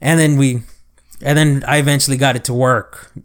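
A young man, co-hosting a podcast and retelling a story with animated, quoted dialogue. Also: mid-range voice, normal speed. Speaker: podcast co-host. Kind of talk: casual chat, storytelling.

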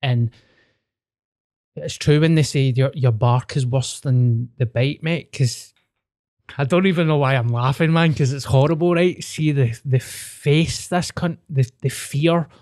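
Young Scottish guy, swearing, animated anecdote, dry close sound. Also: medium pitch, a little slow, no room sound. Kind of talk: casual storytelling chat.

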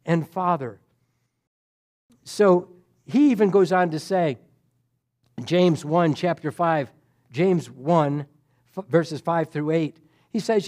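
High-voiced animated male preacher. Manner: animated, acts out Bible dialogue with sudden loud and soft swings. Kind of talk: sermon.

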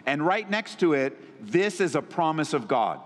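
A fairly high-voiced male pastor preaching a sermon with lively swings in pitch. He sounds like he is in a church sanctuary, with long hall reverb trailing each phrase. His delivery is animated and energetic. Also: unhurried.

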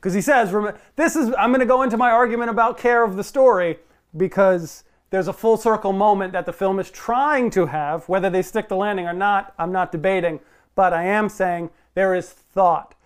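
A man's voice: high-pitched, moderate pace, clean tone. A man co-hosting a film podcast, defending a movie's script and repeating himself as he argues. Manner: argumentative, repeats himself, gives in with a laugh. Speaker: podcast co-host. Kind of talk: casual film-review debate.

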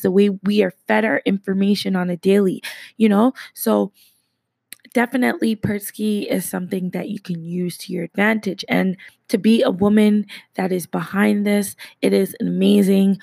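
A woman hosting a casual solo podcast, speaking with a slight lisp in an enthusiastic, rambling way with many fillers and shout-outs. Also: mid-range voice, creaky, no room sound. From Canada. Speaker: podcast host.

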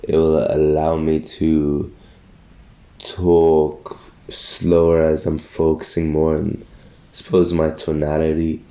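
Tired young man with a low, gravelly voice. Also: completely flat delivery, takes it slowly, mellow, highs cut off. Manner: rambling, self-correcting, thinking aloud. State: just woken up, tired. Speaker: solo podcaster. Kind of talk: casual solo morning podcast.

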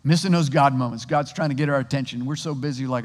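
A male pastor giving a sermon, telling stories in a conversational, animated way with frequent restarts. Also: mid-range voice, fast talker, in a large hall.

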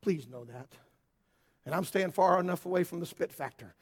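A man preaching a sermon in a church hall, swinging between yelling and quiet asides. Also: a little high, normal speed, slightly rough. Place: church hall with worship band.

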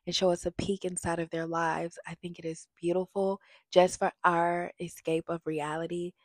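A woman's voice: fairly low pitch, normal speed, no echo. Chatty woman reviewing reality TV. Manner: chatty, animated, gets loud when worked up. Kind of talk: casual episode review.

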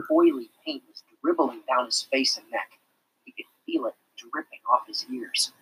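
An expressive narrator reading a children's chapter book aloud, sometimes dropping to a whisper. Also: mid-range voice, moderate pace, vocal fry, a little hiss or hum, rough recording. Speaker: storybook narrator.

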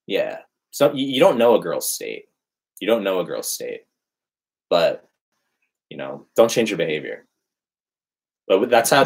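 A man's voice: fairly low pitch, a bit bright, slight background noise. A young man in casual chat, telling a story animatedly, swearing and acting out quotes. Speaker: dating storyteller.

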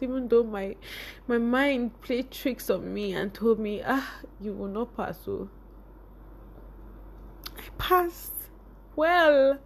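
A woman's voice: on the high side, creaky, a little hiss or hum. A young woman with a Nigerian accent telling a personal story to her viewers, often laughing and her voice rising and breaking with emotion. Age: young adult. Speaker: vlogger.

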